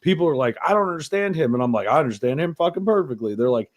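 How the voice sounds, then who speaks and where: A man's voice: fairly high pitch, lively intonation, quick pace. A man from New York hosting a podcast, talking in a crude, rambling, profane way. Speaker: podcast host. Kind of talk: casual chat.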